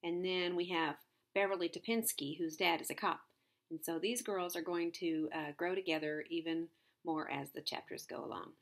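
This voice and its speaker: A woman's voice: lowish voice, fairly even intonation, moderate pace. A woman reading a novel aloud, adding conversational asides with hesitant fillers. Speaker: reader.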